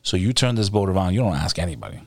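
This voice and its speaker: Deep-voiced New man hosting. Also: animated, rapid-fire, a little mellow, no room sound, clean studio sound. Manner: conversational, leading questions, talks over guest. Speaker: podcast host. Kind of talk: casual interview.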